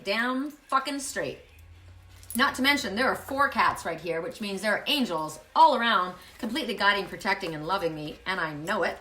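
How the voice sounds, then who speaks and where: A woman doing an oracle card reading on a livestream, talking excitedly, often exclaiming, swearing and laughing. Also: mid-range voice, moderate pace. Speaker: intuitive card reader.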